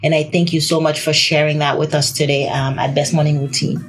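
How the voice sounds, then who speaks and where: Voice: mid-range voice, level tone, brisk, breathy edge. An interview show host wrapping up with guests in a gracious, encouraging way. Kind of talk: casual interview conversation.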